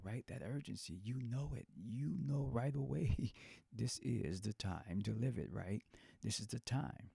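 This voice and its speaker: A man's voice: lowish voice, creaky, dark tone, slightly rough, no echo, studio quality. A man hosting a solo podcast, giving a casual motivational talk and often checking in with "right?". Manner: conversational, repeats "right?" often. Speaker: podcast host.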